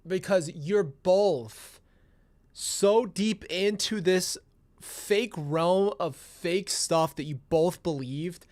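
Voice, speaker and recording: A man's voice: sits high, extremely slow, darkish tone. A man hosting reaction commentary, ranting in a blunt, exasperated way with swearing. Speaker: commentary host.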